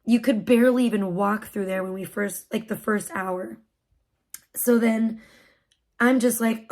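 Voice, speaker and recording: A woman's voice: on the high side, fairly even intonation, moderate pace. A woman live streamer telling a story in a rambling, frazzled way and swearing freely. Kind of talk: casual storytelling on a livestream.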